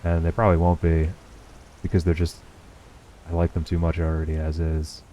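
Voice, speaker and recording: Young male streamer, very low and mellow, swears freely, sarcastic asides to chat, faint room noise. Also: monotone, moderate pace. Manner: profane, sarcastic running commentary to chat. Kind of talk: casual livestream gameplay chat.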